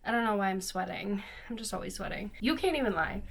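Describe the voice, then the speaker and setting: A woman's voice: medium pitch, a little fast, vocal fry, few pauses. A young woman chatting casually to her camera in her bedroom, bubbly and self-deprecating. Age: young adult. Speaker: vlogger. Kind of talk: casual vlog chat. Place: bedroom at home.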